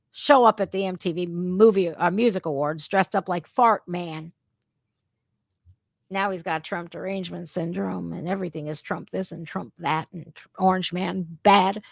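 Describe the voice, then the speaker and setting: A middle-aged woman hosts a reaction stream with casual, profane commentary, brash and blunt, swearing freely and sarcastically mimicking opponents. Her fairly low, creaky voice moves at normal speed. The studio-quality audio has no room sound.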